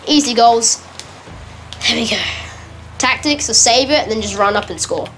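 Excitable high-voiced female gamer. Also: slight background noise. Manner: excitable, quick self-corrections, laughs often. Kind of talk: casual gameplay commentary.

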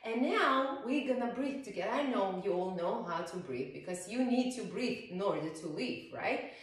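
A woman's voice: mid-range voice, animated, normal speed. A woman teaching yoga to small children, playful and coaxing, often asking them questions as she guides the poses. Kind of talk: guiding a children's yoga class. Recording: echoey room, voice from far off.

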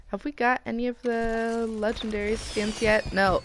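An American woman streaming a game, chatting casually and getting excited as she opens loot boxes. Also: on the high side, normal speed, few pauses, a little hiss or hum. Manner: excitable and chatty, squealing at rare items. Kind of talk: casual commentary while opening loot boxes.

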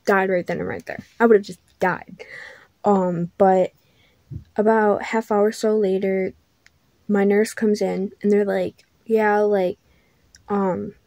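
Young woman chatting, drawl, mellow. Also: mid-range voice, dry recording. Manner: chatty, lots of "like" fillers, blunt swearing. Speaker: vlogger. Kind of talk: casual storytime vlog.

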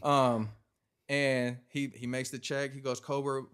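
A man's voice: mid-range voice, little pitch movement, measured pace, fairly bright tone, clear, resonant tone. A man in his thirties, a podcast guest, telling a story in a loose, casual way with lots of filler words. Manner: laid-back, loose, filler-heavy delivery.

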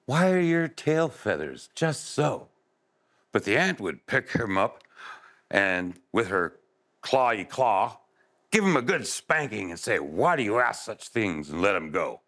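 A man telling a folk tale to children, expressive and playful with chuckling asides. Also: fairly low pitch. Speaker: storyteller. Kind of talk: oral storytelling for children.

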